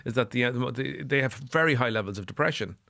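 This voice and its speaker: A man's voice: mid-range voice, fairly quick, gravelly, pushed and bright, no echo, studio quality. A middle-aged Irish man speaking as a psychotherapist guest on a podcast, earnest and repeating phrases for emphasis. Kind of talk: podcast interview.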